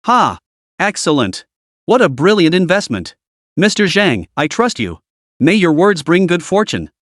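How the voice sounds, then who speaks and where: An earnest company founder speaks with solemn weight in a story recap, voiced by a male narrator. His voice sits a little high. The sound is dry and close. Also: very animated, measured pace, fairly bright tone, dry recording. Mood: emphatic.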